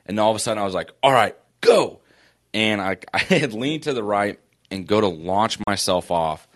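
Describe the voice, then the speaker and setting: A man's voice: lowish voice, brisk, fairly bright tone. A man co-hosting a casual sports podcast, telling long self-mocking stories in a rambling way while sore and breathing with effort. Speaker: podcast co-host.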